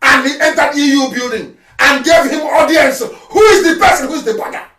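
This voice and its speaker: A man with a Nigerian accent gives an impassioned live address to his followers. He is fiery and scornful, shouts often and slips into Igbo phrases. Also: very high voice, normal speed. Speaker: political activist leader addressing followers. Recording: echoey room, speaker far from the mic.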